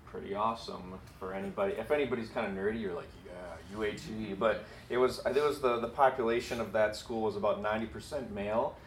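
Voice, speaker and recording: A man's voice: on the low side, fast talker, hardly any pauses, reverberant, a little hiss or hum. A man preaching a sermon in a casual, storytelling and self-deprecating way. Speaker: pastor. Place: church building.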